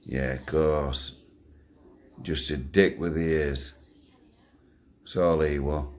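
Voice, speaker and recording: A man's voice: a bass voice, fairly even intonation, takes it slowly. An older man, talking bluntly to his channel's viewers, swearing freely and chuckling through his stories. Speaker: channel owner. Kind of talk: casual rambling monologue to viewers.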